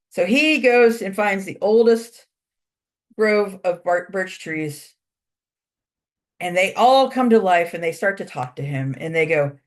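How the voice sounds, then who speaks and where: Low-voiced woman telling a legend. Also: expressive, takes it slowly, pauses often. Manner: casual, chatty. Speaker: instructor. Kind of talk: storytelling lecture.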